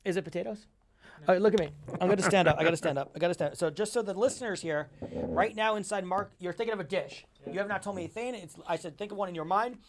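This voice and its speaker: A man chatting as a podcast guest, excitable and quick, repeating himself as he talks. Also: high voice. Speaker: guest, magician and entertainer. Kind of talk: animated podcast chat.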